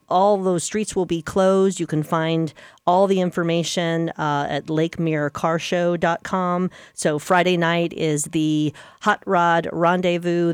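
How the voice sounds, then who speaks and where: A chatty woman hosts a casual radio show, talking at a relaxed clip and laughing easily at her own slips. Her voice sits low for a woman. The sound is dry and close, with no room around it. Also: dry recording.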